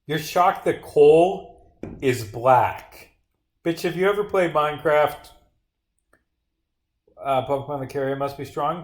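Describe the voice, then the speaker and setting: A man's voice: on the high side, sing-song, takes it slowly, pauses often, reverberant. A young man casually chatting and ranting while he plays a game on a livestream, sarcastic and profane. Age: young adult. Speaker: streamer.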